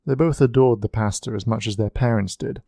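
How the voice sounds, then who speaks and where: Mellow-voiced male storybook narrator. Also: mid-range voice, a little fast, creaky, dry recording, clean studio sound. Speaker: audiobook narrator.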